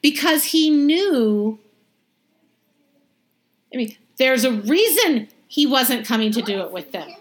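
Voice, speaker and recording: A woman reading scripture aloud and then explaining it in a lively, conversational way, as a Bible study teacher. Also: sits high, takes it slowly, long pauses. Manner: lively, conversational, acts out the crowd's reactions.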